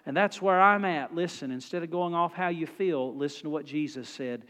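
A male pastor, preaching a sermon in a folksy, animated storytelling manner. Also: a little high, moderate pace, hardly any pauses, in a large hall.

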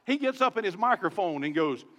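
A man's voice: high-pitched, animated, a little fast, in a large hall, background noise. A man with a Southern US accent, a pastor preaching a sermon on a microphone in his church, talking to the congregation in a conversational way with many rhetorical questions. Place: church sanctuary.

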